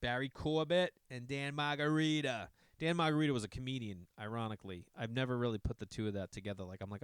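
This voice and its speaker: Profane storytelling man, smooth voice. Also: mid-range voice, fast, hardly any pauses, no echo. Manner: profane, animated storytelling with asides. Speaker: comedian telling a story. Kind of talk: casual storytelling.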